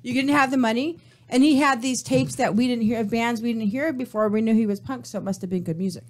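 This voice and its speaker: A woman's voice: on the high side, a little mellow. A woman in her forties co-hosting a casual radio chat, telling stories in a chatty way. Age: 40s. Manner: rapid storytelling, chatty. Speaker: radio co-host. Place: radio studio.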